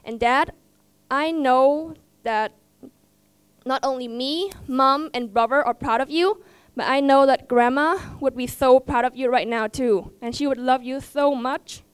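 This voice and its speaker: A teenage girl with a Vietnamese accent giving a heartfelt, halting speech at a school event, often repeating herself as she searches for words. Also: high-pitched, smooth, dry recording. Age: teens. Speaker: student speaker. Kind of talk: emotional personal speech.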